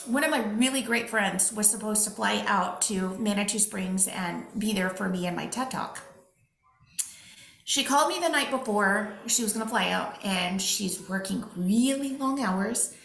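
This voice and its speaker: A middle-aged woman, a physician and speaker, telling animated stories as a guest in an interview, slipping quoted dialogue into her talk. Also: mid-range voice, moderate pace, vocal fry. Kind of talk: conversational interview storytelling. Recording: echoey room.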